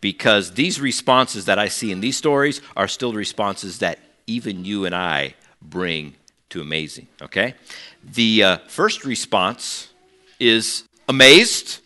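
Male preacher, animated storyteller who acts out quotes, bright edge to the voice. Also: lowish voice, measured pace. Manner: conversational asides to the congregation. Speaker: pastor. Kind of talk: sermon.

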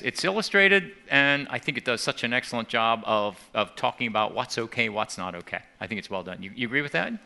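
A man's voice: medium pitch, bright, forceful tone. A man giving an earnest talk to a church audience, often restarting and repeating words. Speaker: seminar speaker.

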